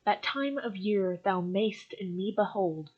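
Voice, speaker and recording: A woman's voice: mid-range voice, unhurried, slightly rough. A young woman reading old sonnets aloud and then commenting on them in a wry, self-mocking, casual way. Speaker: vlogger. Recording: dull lo-fi home recording.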